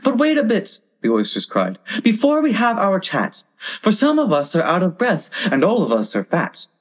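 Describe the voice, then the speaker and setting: A man's voice: sits high, huge pitch swings, moderate pace, voice pushed up, exaggerated voice. A man voicing a chorus of small, eager oysters with a piping, pleading manner.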